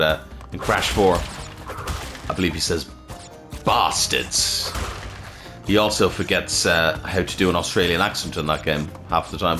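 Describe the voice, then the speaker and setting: A man hosting a let's play, chatting casually and swearing freely while he plays. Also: deep voice. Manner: rambling, swears freely, self-correcting. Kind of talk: casual gameplay commentary.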